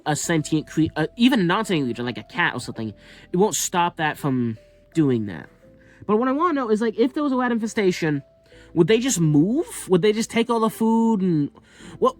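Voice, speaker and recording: A man musing aloud in a casual, speculative monologue, rambling with lots of fillers and restarts. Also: sits high. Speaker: commentator.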